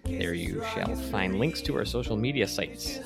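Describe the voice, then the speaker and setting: A man's voice: on the low side, expressive, normal speed, creaky, over loud music. A man hosting a podcast, wry and dry-witted, wrapping up the show. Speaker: podcast host. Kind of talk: casual chat and podcast outro.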